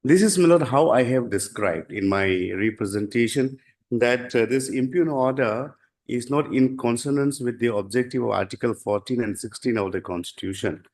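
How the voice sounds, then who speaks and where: A man with an Indian English accent arguing his own case before a judge, formal and deferential, pausing often and saying "my lord" again and again. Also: mid-range voice, darkish tone. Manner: halting, deferential, repeats 'my lord' constantly. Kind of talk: formal courtroom submission.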